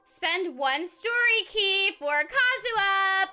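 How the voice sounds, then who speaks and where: A bubbly woman game streamer chats with her viewers in a very bright, high voice. Her pitch bounces all over the place, and she rambles and restarts between giggles and scatted filler sounds. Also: lively intonation, measured pace, faint music behind. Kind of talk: casual live-stream chat with viewers.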